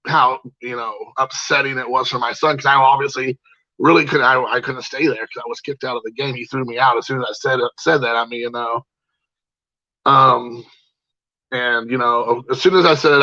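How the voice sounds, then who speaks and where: A man's voice: medium pitch, pushed and bright, no room sound, dull audio. Man telling a story, full of fillers. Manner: rambling, many fillers and restarts. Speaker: parent telling a personal story. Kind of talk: casual spoken monologue.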